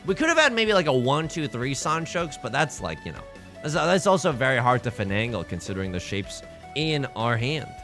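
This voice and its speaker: A man's voice: medium pitch, big pitch swings, fairly quick, fairly bright tone, soft background music. A young man streaming from home, giving casual, jokey game commentary in a theatrical, self-mocking way.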